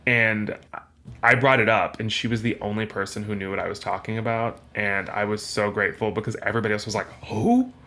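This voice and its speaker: A woman in her thirties co-hosting a podcast, chatting casually and acting out quotes in an animated way. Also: quick pace. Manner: animated storyteller, acts out quotes in high voices. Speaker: podcast co-host. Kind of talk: casual chat.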